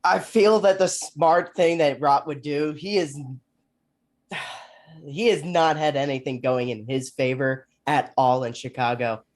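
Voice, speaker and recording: A man's voice: on the high side, unhurried. A man playing a tabletop role-playing game, thinking aloud in a hesitant, deliberating way. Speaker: player.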